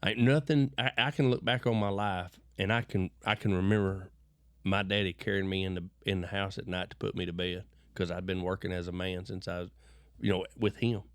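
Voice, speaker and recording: This clean, echo-free studio recording features a low-voiced, middle-aged man from West Texas talking fairly quickly with fairly even intonation. He's a folksy interview guest whose rambling stories come with repeated and restarted words and the occasional preachy burst, all in a West Texas accent.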